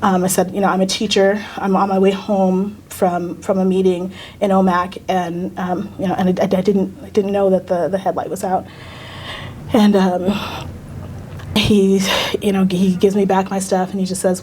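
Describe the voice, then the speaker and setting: A middle-aged American woman, a teacher and union leader, recounting a personal experience in a halting, earnest way with many fillers and restarts. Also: medium pitch, fairly even intonation, darkish tone, slight background noise. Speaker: union council president, teacher. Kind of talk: personal storytelling in a recorded conversation.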